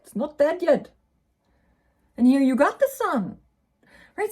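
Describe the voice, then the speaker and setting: A woman's voice: sits high, sing-song, takes it slowly, long pauses, a little mellow. A woman with a German accent giving a casual tarot reading, rambling and often repeating words. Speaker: tarot reader.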